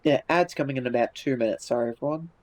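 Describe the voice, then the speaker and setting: A laid-back man chats on a live stream and answers viewer messages as they come in. His voice sits at an ordinary middle pitch. He swears casually and often stops and restarts his sentences. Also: fast talker, darkish tone, low-quality recording.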